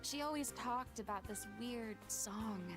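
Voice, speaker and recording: An earnest teenage schoolgirl from a video game, voiced by a woman, slightly high and anxious. Music plays clearly behind her. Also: measured pace, natural voice. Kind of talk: game voice acting. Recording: game audio over music.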